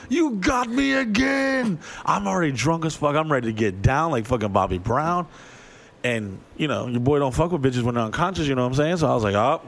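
A man telling a crude, profane story on a podcast, animated and acting out the voices of people in it. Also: mid-range voice.

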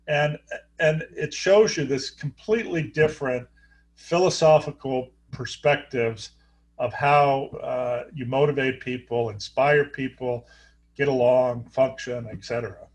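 A middle-aged man talks through a story in an interview, stopping and restarting with lots of filler sounds. His pitch sits in an ordinary middle range for a man. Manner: halting, many fillers and restarts. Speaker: guest, neurosurgeon.

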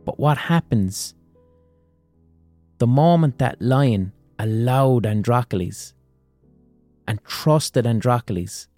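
Mellow-voiced man, frank casual talk. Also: mid-range voice, expressive, slow, long pauses, no echo, soft background music. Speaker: podcast host. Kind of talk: casual psychology talk with storytelling.

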